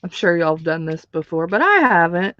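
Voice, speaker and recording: A woman's voice: on the low side, very animated, a little fast, no room sound, lo-fi sound. A woman hosting a live stream, chatting casually with viewers while she crafts, laughing often.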